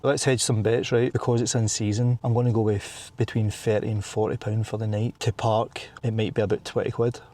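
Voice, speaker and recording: A Scottish man with a husky, brash voice, chatting casually as a camping vlogger outdoors at a campsite. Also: lowish voice, flat delivery, fairly quick, hardly any pauses, dark tone. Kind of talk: casual vlog chat.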